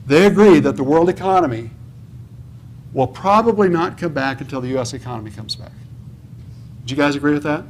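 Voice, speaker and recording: This is a motivational seminar talk at a real estate conference, held in a conference hall, where a man lectures preachily, quizzing the audience, answering for them, and checking with "okay?" again and again. His voice is on the high side and fairly quick, broken by long pauses, over slight background noise.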